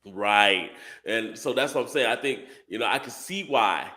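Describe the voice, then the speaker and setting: A man's voice: on the low side, normal speed, a crowd in the background. A man co-hosting a live chat show, joking and repeating himself as he talks. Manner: animated, joking, repeats words. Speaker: co-host.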